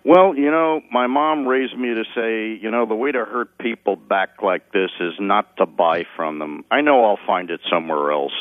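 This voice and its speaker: A man's voice: lowish voice, normal speed, few pauses, dry recording. Man, radio caller, tinny phone line, dry sound, wry amused talk. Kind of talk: casual call-in chat. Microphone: telephone.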